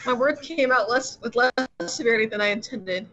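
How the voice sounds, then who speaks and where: A woman's voice: fairly high pitch, brisk, pushed and bright. A woman casually reading a book aloud with friends, rambling a little as she jokes. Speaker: reader. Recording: slightly dull sound.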